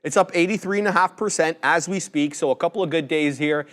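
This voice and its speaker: A man co-hosting a live trading stream talks through chart levels in a relaxed, plain way. His voice sits slightly high for a man. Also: quick pace. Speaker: co-host of a live trading show. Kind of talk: live market commentary.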